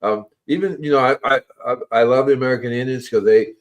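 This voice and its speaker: A man hosting a gardening livestream, talking casually in a rambling way and repeating his words. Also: fast talker. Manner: rambling, repeats words, acts out animals in squeaky voices. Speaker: gardening show host.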